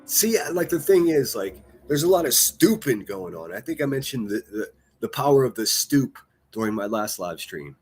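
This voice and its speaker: A man's voice: medium pitch, very animated, normal speed, few pauses, slightly rough, faint music behind. A man from the northern United States ranting on a livestream, profane, mocking and combative.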